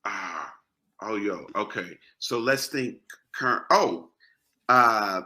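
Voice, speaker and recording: A man who sings, chatting on a radio show in an unhurried, easygoing way. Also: on the low side, expressive. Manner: unhurried, sings songs softly. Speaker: singer and co-host. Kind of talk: casual chat with sung snippets.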